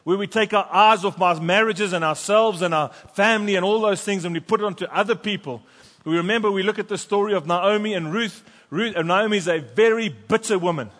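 A pastor preaching a sermon and reading scripture aloud with fervent emphasis in a church. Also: male voice, sits high, a little fast, a bit bright. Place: church sanctuary. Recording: long church reverb.

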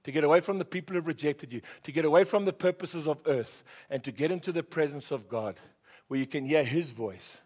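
A man's voice: on the high side, a little fast. Fervent preacher man. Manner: call-and-response preaching, swinging between hushed and loud. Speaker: pastor. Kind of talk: sermon.

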